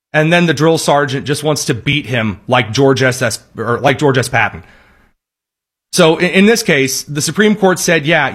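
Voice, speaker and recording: Sarcastic man hosting a commentary show. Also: a bit bright. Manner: sarcastic, mocking, with high-pitched put-on voices for parody. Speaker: political commentary host. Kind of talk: political commentary monologue.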